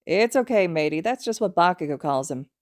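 A woman's voice: on the low side, lively intonation, a little fast, no room sound, clean studio sound, lightly acted. A woman voicing an easygoing teenage boy with a breezy, sing-song way of teasing. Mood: friendly.

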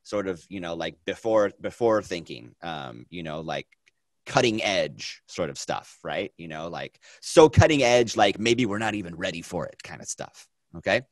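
Teaching a film class, a man with a lower-leaning voice speaks at a normal speed in an energetic, chatty way, looping back over his phrases and stuffing them with fillers. The recording is dry and close-miked, with almost no sense of the room.

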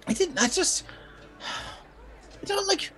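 A game master voicing a desperate woman who sold poison, talking in a high, pleading voice that drops to a low hiss when she threatens someone. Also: animated, takes it slowly, pushed and bright, soft background music, heavily acted. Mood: panicked pleading. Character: frantic woman poison seller, later menacing.

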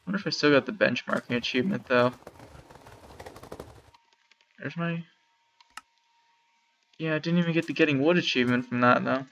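A man's voice: medium pitch, moderate pace, creaky, pauses often, fairly bright tone, dull audio, slight background noise. A man casually commenting while playing a video game, chatting wryly and talking to the animals on screen. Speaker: let's play gamer.

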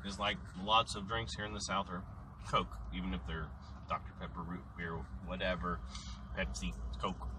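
A man's voice: deep voice, level tone, normal speed, far from the mic, noisy background. A man chatting casually with his wife, teasing her in a blunt, wry way. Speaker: husband. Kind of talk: casual chat.

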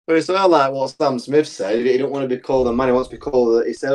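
A man's voice: medium pitch, fast, hardly any pauses, darkish tone. A man chatting on a podcast, telling anecdotes in a matter-of-fact way. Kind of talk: casual chat.

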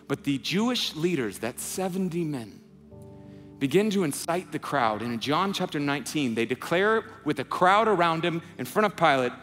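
A young adult man preaches as a pastor in a slightly high, animated voice at a moderate pace. Conversational in tone, he acts out quotes and builds toward fervent near-shouting, recorded with long hall reverb and gentle music underneath.

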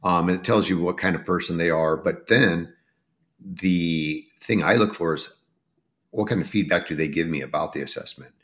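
Talking casually about recruiting as a podcast co-host, a man speaks at normal speed in a deep, slightly bright voice. He is reflective, thinking aloud and frequently breaking off to restart sentences.

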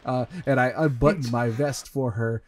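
A man with an English accent hosts a comedic reading of fan fiction, often laughing and stumbling through halting asides. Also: mid-range voice, fairly even intonation, a little mellow. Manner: breaks into laughter, halting asides full of fillers. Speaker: host reading a fanfic aloud. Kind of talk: comedic dramatic reading with commentary.

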